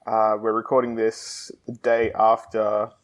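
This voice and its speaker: A man from Australia with an Australian accent, a guest on a tech podcast who talks in a relaxed way with many fillers. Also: lowish voice, measured pace. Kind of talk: casual tech podcast chat.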